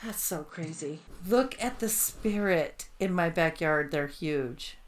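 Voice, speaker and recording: A woman co-hosting a casual podcast chat, excitable and rambling, swearing freely as she tells stories. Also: sits low, slow, a little hiss or hum. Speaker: podcast co-host.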